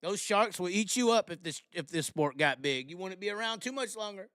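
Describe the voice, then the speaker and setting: A male live-stream host with a high, smooth voice and a sarcastic, ranting delivery. He mocks his chat as he talks. The sound is dry and close, with no room echo. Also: expressive, fairly quick, fairly bright tone. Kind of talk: live call-in chat show.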